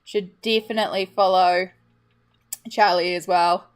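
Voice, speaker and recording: A woman's voice: on the low side, steady tone, measured pace, clear, resonant tone. A woman, chatting casually with viewers on a live stream while she colours, greeting and thanking them by name. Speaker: art streamer.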